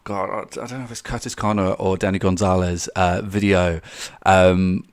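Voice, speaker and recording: A man's voice: sits low, moderate pace, clear, resonant tone. A young man giving casual, rambling commentary on a vlog, laughing often and restarting his sentences. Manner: rambling, animated, laughs often, mocking quoted voices; many fillers and restarts. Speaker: commentary YouTuber.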